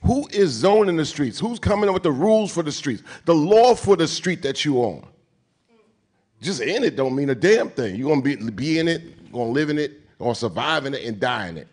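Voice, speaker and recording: A man with a New York accent speaks on stage at an event. He talks in an animated, sermon-like way, loaded with street slang and casual profanity. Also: on the high side, moderate pace. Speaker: keynote speaker. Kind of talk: onstage conversation. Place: event stage before an audience.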